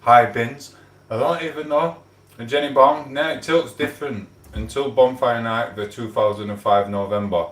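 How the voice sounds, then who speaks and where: A man's voice: medium pitch, normal speed. A man hosting a casual livestream at home, chatting and greeting viewers by name. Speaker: livestream host. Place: room at home. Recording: echoey room.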